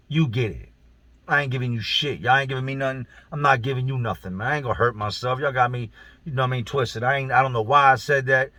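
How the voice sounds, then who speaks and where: A man's voice: mid-range voice, a little fast, sharp tone, dry recording. A man casually telling his own story in blunt, profane, slang-filled talk. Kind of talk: casual first-person storytelling.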